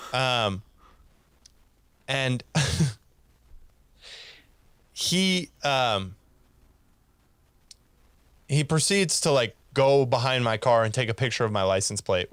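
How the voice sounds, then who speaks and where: A man's voice: medium pitch, clear, resonant tone, dry recording. A man co-hosting a podcast, casually telling a rambling story and acting out both sides of an argument. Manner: rambling, animated retelling with laughs. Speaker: podcast co-host.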